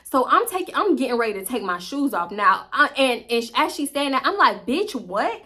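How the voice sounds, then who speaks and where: A woman in her twenties with a Houston accent, telling a story in an animated, profane way to her viewers. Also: sits high, a little fast. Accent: Houston, Texas. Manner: profane, animated, laughing asides. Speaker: vlogger. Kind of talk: casual storytime monologue.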